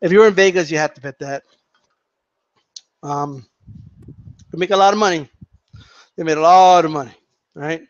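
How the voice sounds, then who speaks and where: A man with a high voice rants to his viewers, heated and mocking, swearing freely and hammering his points through repetition. The sound is dull and lo-fi. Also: moderate pace, pauses often, dry recording. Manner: heated, profane, mocking, repeats himself. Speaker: boxing commentator vlogger. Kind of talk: casual rant to viewers.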